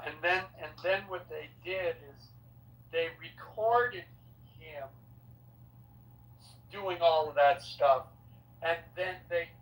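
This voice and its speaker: A man's voice: on the high side, rough recording. A man in a casual podcast chat who rants and lectures. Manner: ranting, lecturing.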